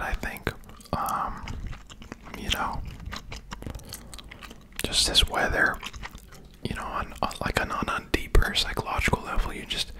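A young man whispering a rambling ASMR chat while chewing gum. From England. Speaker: ASMR creator. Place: home room, lights turned down. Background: rain outside.

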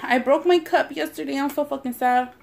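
Eating on camera for her mukbang vlog, a young woman and mother rambles through casual chat, swearing a lot along the way. She speaks a little fast in a high-pitched, gravelly voice, with slight hiss or hum in the background.

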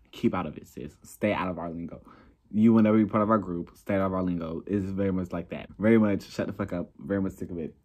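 Deep-voiced young man ranting. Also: darkish tone. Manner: profane, blunt, laughing at himself. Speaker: vlogger. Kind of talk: casual ranting commentary.

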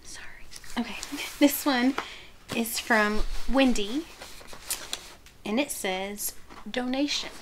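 Slow, gushing woman crochet vlogger. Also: fairly high pitch, background noise. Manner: gushing, soft-spoken, often drops to a whisper. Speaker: crochet channel host. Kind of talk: casual unboxing chat.

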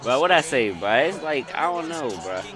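A young man giving loud, excited commentary while playing a football video game, swearing and bursting into shouts. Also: fairly high pitch, normal speed. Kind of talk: excited live gameplay commentary. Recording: loud game crowd noise behind. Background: game stadium crowd.

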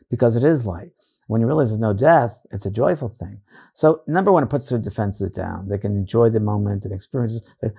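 A man's voice: mid-range voice, a little fast, gravelly, husky. A middle-aged man from New York, a psychic medium, telling stories in a casual interview and acting out other people's voices. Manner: animated storyteller, acts out voices.

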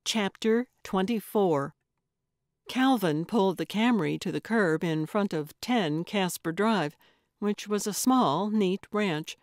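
A woman narrating a cozy mystery audiobook in a measured, unhurried reading. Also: mid-range voice, dry recording, studio quality. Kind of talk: scripted narration.

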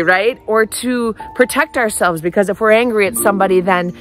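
An earnest woman at a medium pitch gives a personal self-help talk. She ends thoughts with "right?" and slows into gentle guided breathing cues. Music plays clearly underneath. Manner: earnest, repeats "right?", quotes her own thoughts; slows to a soft guided meditation.

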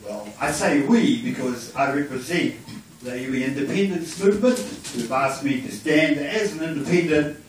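A man's voice: on the high side, animated, normal speed. Jokey Kiwi man chanting in an echoey hall. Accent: New Zealand. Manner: jokey, loose, drawling delivery. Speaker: election candidate. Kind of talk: joking campaign speech opened with a chant. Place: community centre hall. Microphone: far from the mic in a hall. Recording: very echoey hall, distant mic, faint hiss.

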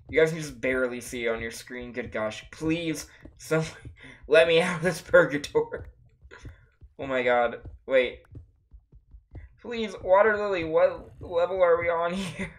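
A livestreamer playing a block-building game gives casual commentary in a mid-range voice at a measured pace, laughing often and breaking into frequent exclamations. Faint music plays in the background.

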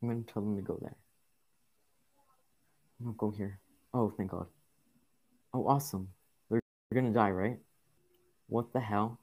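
A man's voice: on the low side, steady tone, a little slow, long pauses, a little mellow. A man giving casual gameplay commentary, grumbling and swearing at the game in frustration. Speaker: gaming YouTuber.

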